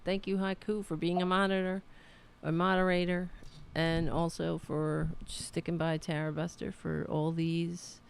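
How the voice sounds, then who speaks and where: A woman hosting a casual home livestream, talking slowly with a gravelly, lowish voice. She is sardonic and loose, swearing freely and rambling from one remark to the next. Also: level tone, a little hiss or hum. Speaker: show host.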